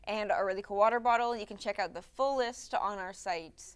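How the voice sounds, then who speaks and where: Smooth-voiced woman co-hosting a stream. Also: mid-range voice, brisk. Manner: informal, many ums. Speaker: livestream co-host. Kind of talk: casual livestream chat.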